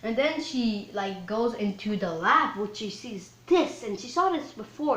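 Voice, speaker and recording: A woman recapping a film scene by scene in casual chat, rambling and excitable and leaning on "like" and "um". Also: fairly high pitch, a little slow. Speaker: film reviewer. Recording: roomy echo.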